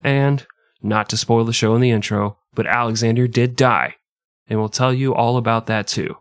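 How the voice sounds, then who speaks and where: A man's voice: mid-range voice, fairly even intonation, normal speed, clean tone, dry recording, clean studio sound. A man co-hosting a casual comedic podcast, joking around and slipping into mock voices. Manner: jokey, slips into mock voices. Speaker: podcast co-host.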